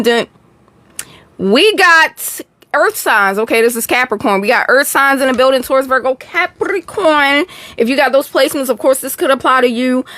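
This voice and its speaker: A woman's voice: sits high, a bit bright, slight background noise. A young woman with a Texan accent, chatting casually with viewers while doing a live tarot reading. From Texas. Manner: chatty, slangy, talks to chat, laughs often. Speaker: tarot reader.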